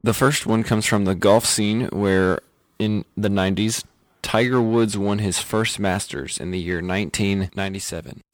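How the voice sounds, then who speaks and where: Young male podcast host, deep voice, dry close sound, relaxed chatter. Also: normal speed, hardly any pauses, no echo. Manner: laid-back, chatty, with fillers. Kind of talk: casual podcast chat.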